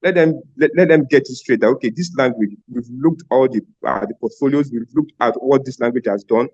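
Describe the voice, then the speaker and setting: Nigerian Pidgin-speaking man, halting. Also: medium pitch, darkish tone, husky, no room sound, lo-fi sound. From Edo State, Nigeria. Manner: halting, with many restarts and fillers. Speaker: guest, Pidgin playwright. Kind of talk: studio interview answer.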